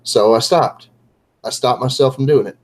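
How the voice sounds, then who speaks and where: A man's voice: medium pitch, normal speed, rough recording. A man chatting casually on a late-night livestream, rambling and poking fun at himself with lots of fillers. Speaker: co-host of a livestream.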